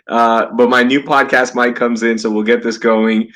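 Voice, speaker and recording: An upbeat podcast host chatting live with a co-host and joking around as he goes. He speaks through a cheap gaming headset from home, his voice sitting at an ordinary middle pitch. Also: flat delivery, a bit bright. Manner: upbeat, jokey, quick to laugh. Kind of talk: casual live podcast chat.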